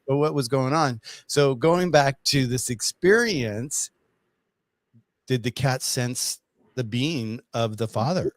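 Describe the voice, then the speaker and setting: A man's voice: medium pitch, slow pace, dry recording. Male storyteller, casual and rambling, many restarts, dry close sound.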